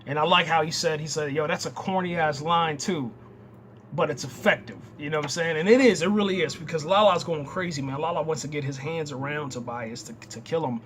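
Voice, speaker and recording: A young man excitedly recapping a TV episode in casual, slangy talk, often repeating words as he goes. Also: a little high, quick pace, hardly any pauses, slight background noise. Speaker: TV show reviewer.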